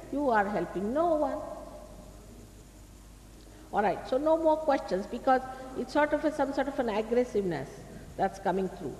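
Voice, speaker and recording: A woman's voice: mid-range voice, darkish tone. A woman with an Indian accent giving an emphatic public spiritual talk, admonishing her listeners and asking them rhetorical questions. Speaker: spiritual teacher. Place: large public hall. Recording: echoey hall, faint hiss, old archive tape.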